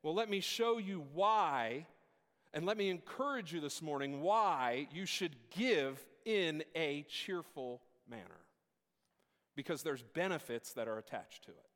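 A man preaching a sermon to a church congregation. He calls out questions for the congregation to answer and builds up to shouting. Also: on the high side, lively intonation, unhurried. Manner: preaching with call-and-response, rising to shouts. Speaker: pastor. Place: church sanctuary. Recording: long hall reverb in a church.

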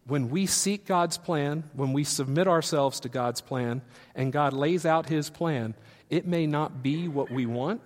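A man preaching a sermon as pastor, shifting from quiet explanation to loud, animated retellings. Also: fairly high pitch, in a large hall. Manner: swings from quiet teaching to loud, animated acted-out quotes.

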